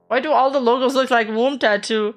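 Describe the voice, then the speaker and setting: A woman's voice: a little high, steady tone, a little fast. Casual woman streamer with music under her. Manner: laughs often, counts under her breath, blunt and sweary. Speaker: streamer reacting to news. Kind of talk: casual live-stream chat.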